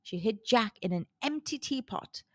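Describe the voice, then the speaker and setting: A woman storyteller reading a children's storybook aloud with a slow, expressive delivery. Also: a little high, no echo, clean studio sound.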